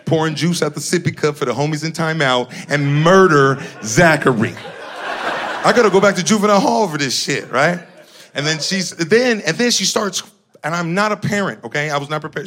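A man from Northern California doing profane, animated stand-up comedy and laughing at his own lines. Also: on the high side, a little fast.

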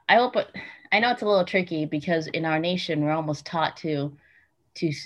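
Low-voiced woman explaining earnestly. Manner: explanatory, emphatic, lecturing. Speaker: interview guest. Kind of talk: casual conversation. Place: Utah.

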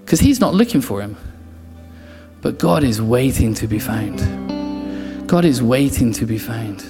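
A man preaching a passionate sermon in church, repeating key phrases and dropping to quiet intensity. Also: mid-range voice, expressive, unhurried. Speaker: pastor. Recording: echoey church hall, soft guitar behind.

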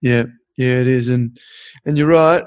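A man's voice: medium pitch, fairly even intonation, measured pace, clear, resonant tone, dry recording. A man hosting a podcast, chatting casually and telling stories in a reflective way. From Australia. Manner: reflective, storytelling. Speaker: podcast host.

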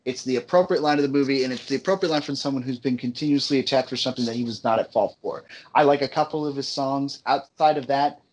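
A man's voice: medium pitch, quick pace, hardly any pauses, a little mellow, a little hiss or hum. Rambling man on a muffled headset mic. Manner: rambling, swearing freely, restarts a lot. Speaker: podcast co-host. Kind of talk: casual chat. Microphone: headphone mic, sometimes muffled.

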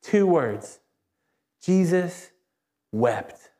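A man preaching a sermon as a pastor, speaking conversationally and emphatically, with repeated phrases and animated rises. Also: fairly high pitch, very slow. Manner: animated, rises sharply when excited. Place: church.

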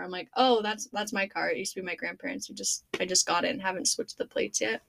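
A young woman hosting a podcast, telling a funny story in casual chat, animated and laughing, full of "like". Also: medium pitch, quick pace, creaky, few pauses. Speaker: podcast host.

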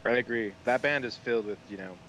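A man's voice: medium pitch, fast. A man co-hosting a podcast in casual chat, chiming in with short remarks and laughs. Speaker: podcast co-host. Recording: loud background noise and clicks.

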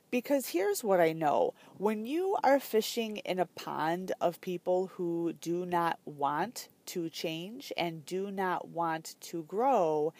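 A woman's voice: on the low side, darkish tone, no echo. A woman talking as a fitness business coach in a casual, chatty way, full of fillers and emphatic asides.

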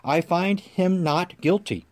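A man's voice: sits high, takes it slowly, voice pushed up. A man reading the lines of a male Roman governor who keeps pleading and questioning. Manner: questioning, insistent.

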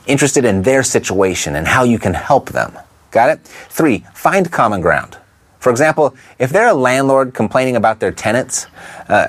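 A man teaching real estate investors how to talk to motivated sellers, in a lively coaching manner that keeps asking the listener rhetorical questions. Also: fairly low pitch. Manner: briefly imitates a Texan twang. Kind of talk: instructional talk to camera.

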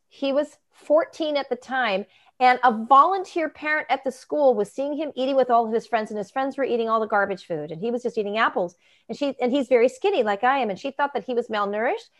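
A woman guest, a nutritionist, telling animated stories with emphatic asides and laughs. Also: sits high. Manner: emphatic, quick asides, laughs between points. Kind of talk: animated storytelling.

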